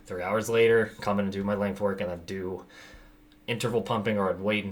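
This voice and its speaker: A man hosting a casual Q&A, answering viewer questions in a loose, conversational way, his voice raspy and a little out of breath. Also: fairly low pitch, fairly even intonation, a little fast. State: raspy, out of breath after gym. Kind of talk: casual Q&A monologue.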